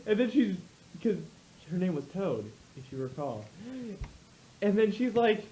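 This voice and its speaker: A man improvising a comic story among friends, animated and quick to jump into other voices. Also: low-quality recording. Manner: animated, jumps into high voices for quotes.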